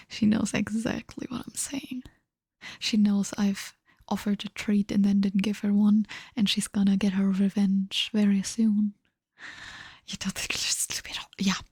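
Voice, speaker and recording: Tired woman whispering in a breathy hush. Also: mid-range voice, dry recording, studio quality. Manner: drowsy, chatty, switching between two languages. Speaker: ASMR streamer. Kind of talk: whispered ASMR livestream chat.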